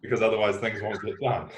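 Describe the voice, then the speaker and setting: A man hosting a podcast interview, talking in a lively, rambling way with frequent restarts and laughs. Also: fairly low pitch. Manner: animated, repeats and restarts, laughs often. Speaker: podcast host. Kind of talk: casual interview chat. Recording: echoey room.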